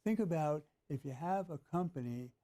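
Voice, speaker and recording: A man speaking in a played interview clip about investing, measured and halting with fillers. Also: a little high, animated, mellow, no echo. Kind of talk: interview remarks.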